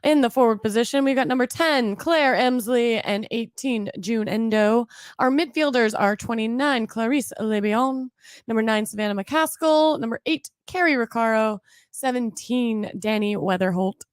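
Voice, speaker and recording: A woman's voice: fairly high pitch, normal speed, clean tone, no echo, clean studio sound. An American woman co-hosting a casual fan podcast, chatty and teasing. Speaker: podcast co-host.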